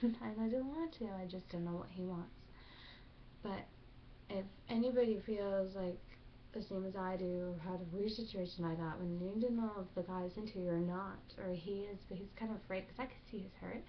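A woman's voice: medium pitch, a little fast, slight background noise. Chatty young woman, lo-fi. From Mexico. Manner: chatty, rambling storytelling. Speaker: vlogger. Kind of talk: casual chat.

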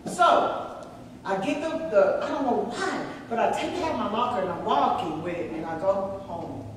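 A woman church elder with a Texan accent preaching a sermon and telling a personal story, with lively calls to the congregation. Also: medium pitch, moderate pace, noisy background. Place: church sanctuary. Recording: echoey church hall from far off.

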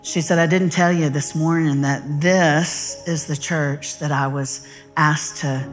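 A middle-aged woman, preaching a sermon and telling a story in an animated, folksy way. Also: low voice, unhurried, soft background music. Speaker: guest speaker.

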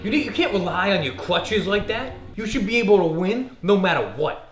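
Brash young man, lively echoey voice. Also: high voice, a little fast, faint music behind. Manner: brash, rambling, yells loudly. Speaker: comedy sketch trainer. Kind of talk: comedy sketch. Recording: echoey room.

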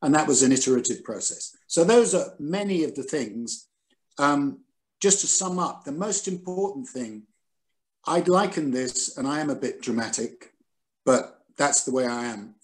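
A man in his sixties, a former editor, telling stories over a video call with animated, self-deprecating energy. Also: medium pitch, normal speed. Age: 60s. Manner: animated, self-deprecating, quotes others dramatically. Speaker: guest, former newspaper editor. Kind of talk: recalled anecdotes in a Zoom conversation.

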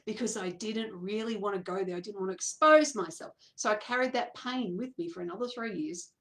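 Her voice is mid-range and brisk as the coach recounts something from her own life to a crowd. She acts out the voices in her story and laughs a lot along the way.

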